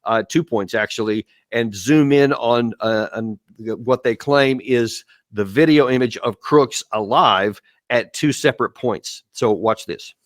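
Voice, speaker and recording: A man's voice: mid-range voice, a little slow, hardly any pauses, dry recording, clean studio sound. A man hosting a live show, walking viewers step by step through video clips in an emphatic commentary style.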